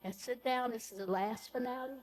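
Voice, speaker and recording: A woman leading a live group breathing workshop, giving slow, soothing cues for each breath. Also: fairly high pitch, a little hiss or hum.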